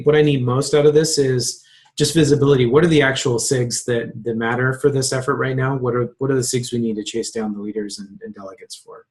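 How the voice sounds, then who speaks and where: A man leading a casual online meeting over a video call, his voice at an ordinary middle pitch. He pauses often, restarting sentences and filling gaps with ums and uhs. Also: a little mellow. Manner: hesitant, many fillers and restarts. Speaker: release meeting lead.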